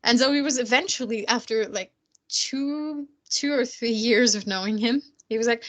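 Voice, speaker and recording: A German-born woman whose first language is German, chatting casually on a podcast with quick, laughing asides. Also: fairly high pitch, a bit bright. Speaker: podcast co-host. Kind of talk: casual chat.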